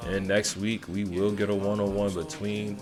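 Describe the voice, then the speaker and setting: A man casually recapping a wrestling show, animated and playful, mimicking the wrestlers as he goes. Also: on the low side, moderate pace, over music.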